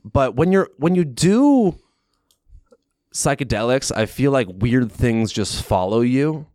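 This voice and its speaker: A man in casual podcast chat, a rambling, animated storyteller who leans heavily on fillers. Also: mid-range voice, slow pace, no room sound, clean studio sound.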